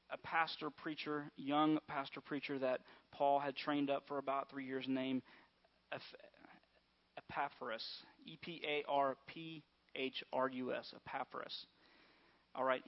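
A man preaching in a conversational way, often checking in with his listeners. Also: medium pitch. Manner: conversational, repeatedly asks "all right?" and "amen?". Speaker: pastor. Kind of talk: sermon. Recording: dull lo-fi sound.

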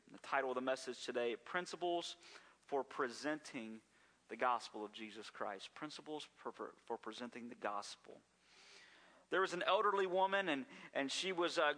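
Folksy preacher with a bright voice. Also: male voice, a little high, long reverb tail. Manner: folksy storytelling with frequent word repeats. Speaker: pastor. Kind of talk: sermon.

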